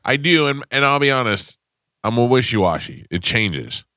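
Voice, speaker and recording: A man's voice: medium pitch, big pitch swings, normal speed, pushed and bright, dry recording, studio quality. A man hosting a morning radio show in casual banter, blunt and opinionated, grumbling and mocking people. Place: radio studio.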